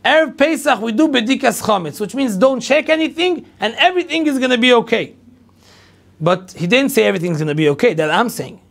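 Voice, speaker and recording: A middle-aged rabbi tells a long personal story to an audience, lively and full of repetition. His voice sits high for a man and has a gravelly, creaky edge. He acts out everyone's lines as he goes. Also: a little fast. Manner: animated storyteller acting out dialogue, repetitive. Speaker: rabbi lecturer.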